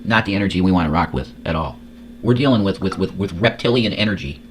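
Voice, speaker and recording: A man's voice: sits low, expressive, quick pace, a little hiss or hum. Profane, rambling male reaction host. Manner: crude, profane, rambling with repeated words. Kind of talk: casual reaction commentary.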